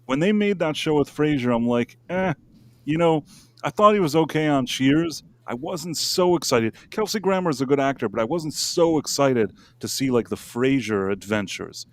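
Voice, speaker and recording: A man's voice: medium pitch, lively intonation, moderate pace. Rambling man chatting on a live show. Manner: rambling, joking, frequent fillers and restarts. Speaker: co-host. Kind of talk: casual live-stream chat.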